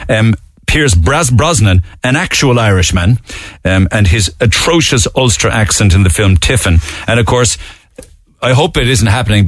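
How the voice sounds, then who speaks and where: Man, Cork accent, radio host, lowish voice, dry studio sound, chatty and mocking. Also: dry recording. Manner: chatty, mocking, laughs easily. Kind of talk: casual radio chat.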